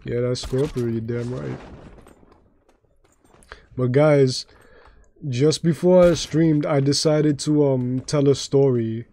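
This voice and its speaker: A man with a slightly raspy voice, chatting casually with his viewers while streaming a game, rambling with lots of fillers and restarts. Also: mid-range voice, fairly even intonation, takes it slowly, pauses often, mellow, a little hiss or hum. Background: faint background music.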